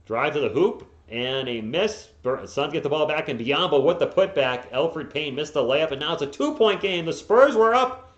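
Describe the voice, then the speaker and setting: Partisan fan calling a game, echoey lo-fi mic. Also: male voice, on the high side, animated, normal speed. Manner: partisan, bursts into frustrated yelling at players. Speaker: fan play-by-play streamer. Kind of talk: live play-by-play commentary. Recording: echoey, dull lo-fi home mic.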